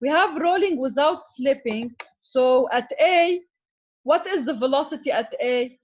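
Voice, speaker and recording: High-voiced woman lecturing on mechanics. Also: measured pace, dull audio. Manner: explains step by step, often checking with "okay?"; switches to Arabic with students. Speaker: engineering lecturer. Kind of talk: classroom lecture.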